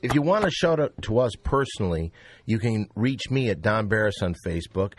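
A man hosting a comedy podcast, briskly steering the talk and reading plugs and shout-outs. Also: on the low side, expressive, a little hiss or hum. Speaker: podcast host.

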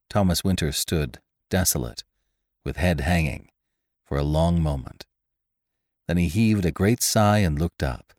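A man reading an adventure story aloud as a podcast narrator, in expressive scripted narration. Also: sits low, measured pace, no echo, studio quality. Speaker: podcast reader.

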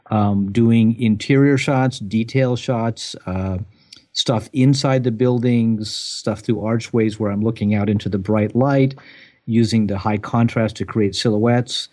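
A man with a somewhat low voice talks through his working habits as an interview guest. His manner is relaxed and reflective, with easy laughter and the odd restart. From United States. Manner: relaxed, thoughtful, laughs easily, some restarts. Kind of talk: casual interview answers.

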